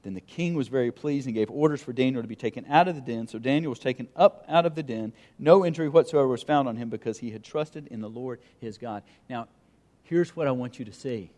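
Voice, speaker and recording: A man preaching a sermon and reading scripture aloud, pausing for emphasis and letting his voice dip and swell. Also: mid-range voice, a little mellow, long reverb tail. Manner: reads scripture aloud, pauses for emphasis, dramatic dips and swells. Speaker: pastor.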